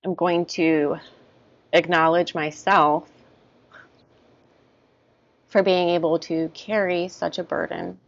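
A woman guiding an EFT tapping session, repeating short first-person statements about stress in a steady rhythm. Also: lowish voice, takes it slowly, long pauses. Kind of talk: guided tapping, spoken affirmations. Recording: dull lo-fi sound, dry.

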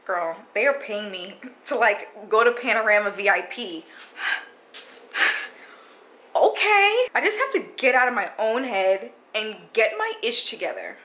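A woman's voice: medium pitch, big pitch swings, normal speed, low-quality recording. A young woman from New City, chatting candidly to viewers in a casual vlog. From New York City. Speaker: vlogger. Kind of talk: casual vlog chat to camera. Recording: loud background noise, handheld vlog.

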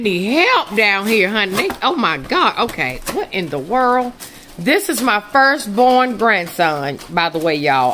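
A woman's voice: on the high side, bright, forceful tone, a little hiss or hum. An older woman, a grandmother chatting animatedly and teasing her family in a casual home vlog. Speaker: vlogger and grandmother.

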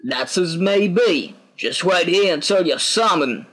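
A man voicing a gruff male port guard in a mock Australian accent, barking orders. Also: sits high, expressive, measured pace, fairly bright tone, pitched above the performer's own voice, full character voice. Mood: bossy.

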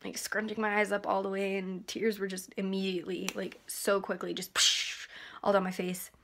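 A woman's voice: mid-range voice, flat delivery, moderate pace, vocal fry, fairly bright tone, a little hiss or hum. A teenage girl vlogging in casual chat, rambling and giggling with lots of likes and ums, keeping her face still as she talks. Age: teens.

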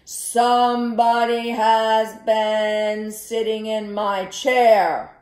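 A woman voicing a big papa bear who speaks slowly, loudly and drawn out. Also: fairly high pitch, flat delivery, pitched above the performer's own voice. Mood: booming. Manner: slow, loud, drawn-out. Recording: echoey room.

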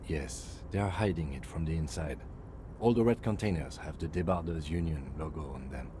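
An actor playing a calm, reserved middle-aged police partner in a video game, speaking in a measured, formal way. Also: male voice, extremely low pitch, noisy background. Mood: composed. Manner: measured, formal, matter-of-fact.

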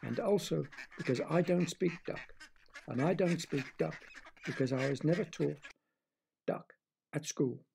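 A man narrating a bedtime story for children in a gentle, chatty way, often talking straight to the listener. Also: on the high side, a little slow, gravelly, slight background noise.

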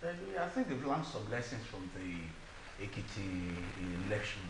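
A man's voice: on the low side, big pitch swings, a little slow. Nigerian male panelist, hesitant and filler-heavy delivery, echoey room with a hissing line. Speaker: panel guest. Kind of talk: TV panel discussion. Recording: echoey studio with hiss.

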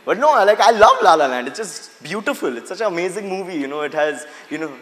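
High-voiced comedian in a live hall. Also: male voice, quick pace. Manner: animated storytelling, acts out quoted voices, mixes English with Hindi. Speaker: stand-up comedian. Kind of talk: stand-up comedy. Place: stage at a literature festival. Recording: live hall with crowd and noise.

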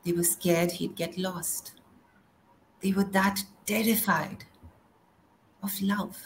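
A middle-aged woman performing a spoken word poem in a slow, measured recitation. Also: lowish voice, steady tone, a little hiss or hum, low-quality recording. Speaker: poet.

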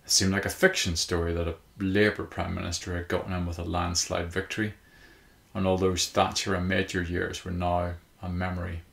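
A man narrating a short story in a measured, even storytelling manner. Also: low voice, creaky. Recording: roomy echo.

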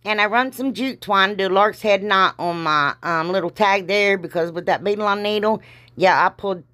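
A woman's voice: mid-range voice, normal speed, sharp tone. A middle-aged woman with a Southern accent, congested from allergies, rambling through a crafting tutorial with folksy exclamations and self-deprecating jokes. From Ohio, US. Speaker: crafting vlogger. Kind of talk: casual crafting tutorial chat.

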